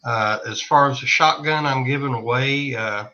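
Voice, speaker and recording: A man's voice: medium pitch, pushed and bright. A man appearing as a guest on a live podcast, speaking politely and without hurry. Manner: unhurried, polite and friendly. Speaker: guest YouTuber. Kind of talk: casual live podcast chat. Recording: dull lo-fi call audio with faint noise.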